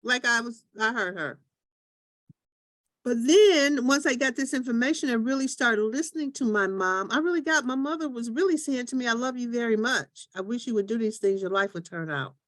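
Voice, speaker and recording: A woman hosts a group talk show, speaking in a high voice recorded dry and close. She tells her stories in a lively way and acts out the voices of the people in them. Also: normal speed, no echo. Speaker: host.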